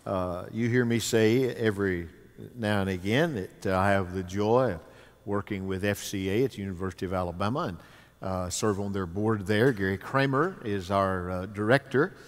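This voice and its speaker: Folksy pastor with hesitant "uh"s. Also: male voice, lowish voice. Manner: folksy, with many "uh" pauses and "amen". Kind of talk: stage interview. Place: church sanctuary. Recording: long reverb of a large hall.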